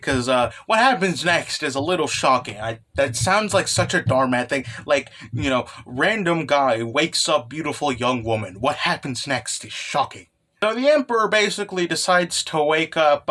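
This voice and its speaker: A man's voice: fairly high pitch, expressive, normal speed, pushed and bright. A young man giving a casual recap, rambling and full of fillers and tag questions like "right?". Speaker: manga recap host. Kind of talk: casual commentary.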